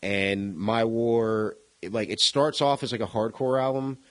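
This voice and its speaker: A man's voice: mid-range voice, fairly even intonation, unhurried, fairly bright tone, low-quality recording. A man in casual podcast chat about music, rambling, laughing often and swearing casually. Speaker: podcast co-host.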